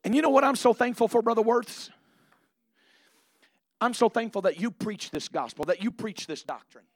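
A man preaching a sermon, moving from quiet asides to loud, fervent preaching. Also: high-pitched, animated, moderate pace, no room sound, studio quality.

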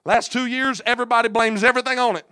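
A man's voice: very high-pitched, steady tone, quick pace, pushed and bright, clear, resonant tone, no echo. A man preaching a sermon in an impassioned cadence punctuated by "uh", with folksy, plain-spoken asides.

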